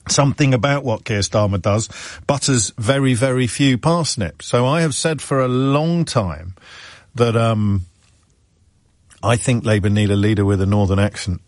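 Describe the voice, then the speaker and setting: A man's voice: medium pitch, normal speed, no echo. A man hosting a radio phone-in from England, musing wryly and restarting his sentences as he talks. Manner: wry, discursive, repeats words when restarting. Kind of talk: talk radio monologue. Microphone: studio microphone.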